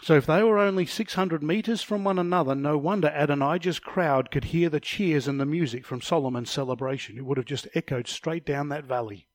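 A man with a fairly high voice teaches a Bible study lesson in a dry, close recording. He explains each passage step by step, points to slides as he goes, and now and then trips over a word. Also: a little fast, few pauses, dry recording. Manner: explanatory, with slide references and occasional stumbles.

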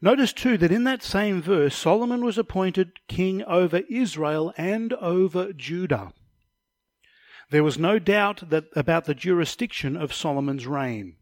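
A fairly high-voiced man teaches a Bible study in an animated, unhurried way, captured in a dry, close recording with no echo. He walks through each passage step by step, points to his slides, and now and then trips over a word.

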